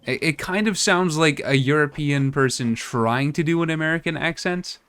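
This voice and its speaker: A man streams a game as a VTuber, offering casual let's-play commentary in a slightly high, a bit bright voice at normal speed. He muses hesitantly, often restarting his sentences.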